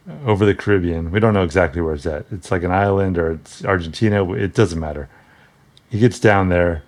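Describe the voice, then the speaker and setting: A man with a deep, low-pitched voice talks through an old comic book in a loose, offhand way. He jokes and chuckles as he goes, stopping often on ums and correcting himself mid-sentence. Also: a little mellow. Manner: rambling, joking, chuckles often; hesitant, frequent ums and self-corrections. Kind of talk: casual comic book commentary.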